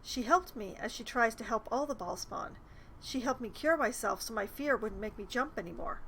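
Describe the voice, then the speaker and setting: A woman reading aloud the game dialogue of a weary, hunted half-sibling, in a measured, rueful way. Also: fairly high pitch, lively intonation, a bit bright, a little hiss or hum, low-quality recording.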